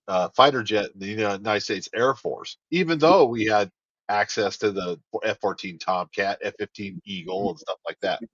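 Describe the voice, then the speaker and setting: Low-voiced man chiming in, lo-fi. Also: normal speed, no echo. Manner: chimes in with short agreements and trivia. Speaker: co-host. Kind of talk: casual chat. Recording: dull lo-fi, dry.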